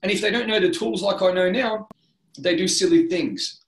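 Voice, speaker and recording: An Australian man in midlife talks through his past in an earnest, rambling way, restarting sentences and leaning on "you know". His voice sits a little high for a man. The recording has a roomy echo. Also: normal speed, fairly bright tone, slight background noise. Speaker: interview guest. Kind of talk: candid personal storytelling.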